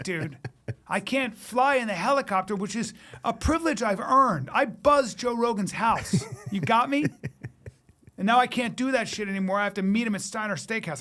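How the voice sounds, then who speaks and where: A man's voice: sits high, bright, forceful tone. A man appearing as a guest comedian on a podcast, telling stories in casual chat with a punchy, profane delivery. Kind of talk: animated storytelling in casual chat.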